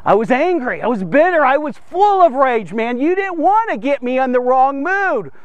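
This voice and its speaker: A man's voice: very high-pitched, sing-song, normal speed, clean tone, no room sound, lo-fi sound. A man preaching a devotional sermon as the host of his podcast, talking emphatically and addressing his listeners directly.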